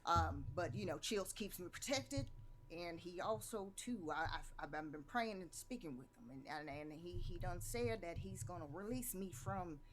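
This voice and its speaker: A woman's voice: fairly low pitch, expressive, normal speed, crowd noise. A woman playing a character in a tabletop game, talking in a bold, boastful and emphatic way. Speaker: player. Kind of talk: in-character role-play.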